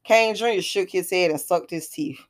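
A woman narrating a scripted drama story in a plain, even reading. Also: lowish voice, normal speed.

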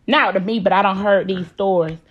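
A woman's voice: mid-range voice, fairly quick, muffled recording. A woman hosting a casual advice chat, talking brash and profane with lots of laughter. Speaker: host.

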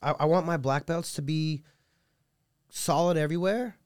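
A man's voice: on the high side, normal speed, clean tone, dry recording, clean studio sound. A man speaking as a jiu-jitsu coach in a casual podcast interview, rambling and earnest with many restarts. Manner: earnest and heartfelt.

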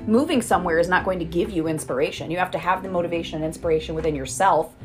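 A woman's voice: on the low side, rapid-fire, music in the background. A woman as a guest friend in a casual chat, talkative and rambling with a joking edge.

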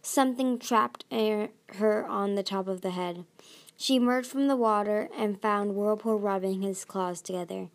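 A woman's voice: mid-range voice, fairly even intonation, moderate pace. A woman narrating a fantasy novel aloud, reading steadily with occasional slips and restarts.

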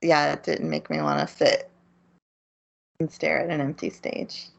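Unhurried female co-host retelling a plot, lowish voice, muffled lo-fi recording. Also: very animated, creaky. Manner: recounting a plot with laughs. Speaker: podcast co-host. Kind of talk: casual chat.

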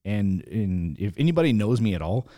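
A man's voice: lowish voice, sing-song, moderate pace, dark tone. A man co-hosting a podcast in casual chat, teasing his co-host with joking banter.

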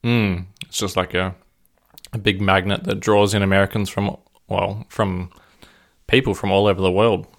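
A man co-hosting a podcast in a curious, questioning casual chat, quick to laugh. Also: deep voice, little pitch movement, gravelly. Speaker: podcast co-host.

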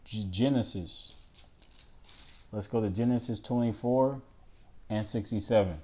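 Alone on his podcast, a man with a fairly low, dark voice talks about scripture casually but emphatically. He reads verses slowly aloud and poses rhetorical questions to listeners.

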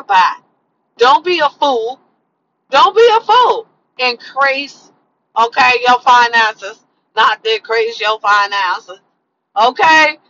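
A woman's voice: fairly high pitch, bright, forceful tone, highs cut off, a little hiss or hum. A woman giving slangy, sassy advice in a casual monologue, repeating lines for emphasis.

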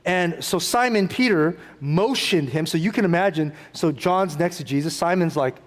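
A middle-aged male pastor preaches in a high, bright voice at normal speed, addressing the congregation conversationally. He is animated, acting out small scenes and quotes and tossing in asides, and the sound carries a large church hall's long reverb.

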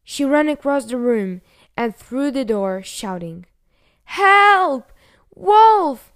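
A woman narrating a fairy tale in a gentle, unhurried storybook manner, sometimes dropping to a whisper. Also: a little high, expressive, clean tone.

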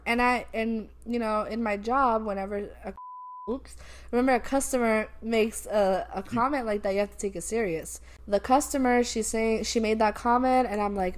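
A woman's voice: fairly high pitch, normal speed. Chatty young woman telling a story. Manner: animated, retells calls with quoted voices, laughs often. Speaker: podcast co-host. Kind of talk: casual chat, storytelling.

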